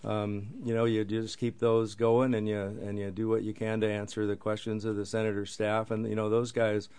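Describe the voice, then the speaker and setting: Male guest, low monotone, patient procedural explainer. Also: moderate pace, smooth. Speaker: guest, involved in city funding. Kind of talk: explanatory chat.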